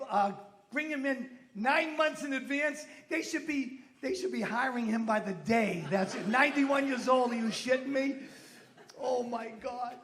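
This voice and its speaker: High-voiced comic telling stories. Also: male voice, fairly bright tone. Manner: punchy storytelling, exclaiming and swearing. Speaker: stand-up comedian. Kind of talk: stand-up routine. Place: comedy club stage.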